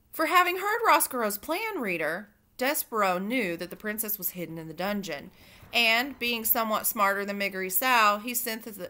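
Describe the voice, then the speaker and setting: A woman reading a children's book aloud, expressive and pausing for asides to her listeners. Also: mid-range voice. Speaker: reader. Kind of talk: storybook read-aloud for children.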